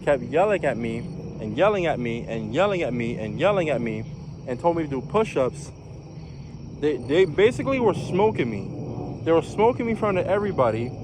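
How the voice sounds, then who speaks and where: A young man tells a personal story in a casual, rambling way, often repeating phrases. His voice sits a little high. He is recorded outdoors, with faint insects and outdoor noise behind him. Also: sing-song, moderate pace. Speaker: vlogger.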